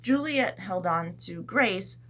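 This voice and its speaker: A woman teacher telling a story to young children in a gentle, animated way, adding sound effects as she goes. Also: medium pitch, slow.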